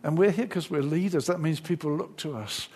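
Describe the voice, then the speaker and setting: Husky-voiced man preaching a sermon. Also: a little high, fairly quick. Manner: lively preaching, acts out inner voices.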